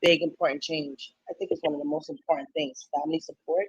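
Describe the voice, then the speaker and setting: A woman guest on a live stream, chatting casually and telling stories with lively acted-out quotes. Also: low voice, fast talker, husky, no echo, highs cut off. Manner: animated storyteller, acts out quotes. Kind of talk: casual chat.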